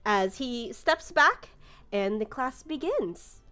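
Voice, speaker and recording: A woman's voice: fairly high pitch, sing-song, slow pace, pushed and bright. A woman running a tabletop game as game master, narrating casually with lots of fillers. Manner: casual, rambling with many fillers.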